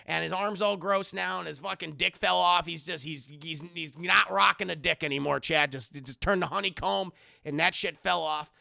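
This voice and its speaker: Casting: male streamer, high, very gravelly, profane film recap. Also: moderate pace. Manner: profane, animated, joking.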